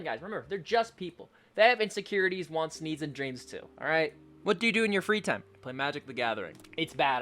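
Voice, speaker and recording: A young man, a content creator, answering fan questions in a casual vlog, joking, swearing and doing silly voices in his stories. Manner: animated, jokey, swears often, does high silly voices in stories.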